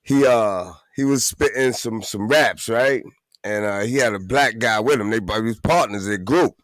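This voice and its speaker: A man's voice: on the low side, normal speed, a bit bright, dry recording. A man hosting a casual live show from his basement, slangy and laid-back, often laughing. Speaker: host. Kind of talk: casual live-stream chat.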